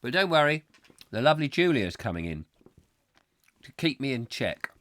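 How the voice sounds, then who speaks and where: A man's voice: medium pitch, big pitch swings, moderate pace, a bit bright, no echo. Rambling man hosting a chat show. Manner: rambling, chatty, easily exasperated. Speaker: host. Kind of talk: live casual chat show. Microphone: close microphone.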